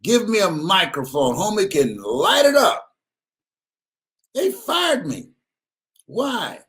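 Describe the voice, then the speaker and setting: Lively, laughing motivational speaker man. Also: sits high, slow. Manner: laughs often, emphatic repetition. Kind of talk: motivational sermon.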